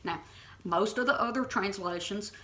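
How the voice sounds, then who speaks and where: A woman teaching the Bible in an informal, impassioned way, her voice bright and forceful. She speaks bluntly, leans hard on her points, and keeps asking "okay?" to make sure her listeners follow. Her pitch sits in an ordinary middle range. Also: normal speed.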